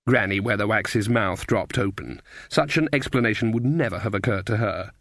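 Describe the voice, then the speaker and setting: A man narrating a fantasy novel with wry, measured storytelling. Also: on the low side, fairly bright tone, dry recording, studio quality. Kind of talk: audiobook narration.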